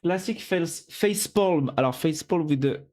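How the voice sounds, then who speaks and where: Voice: mid-range voice, lively intonation, measured pace, a little mellow. A streamer, chatting casually and playfully on a live stream, thinking aloud and joking at their own expense.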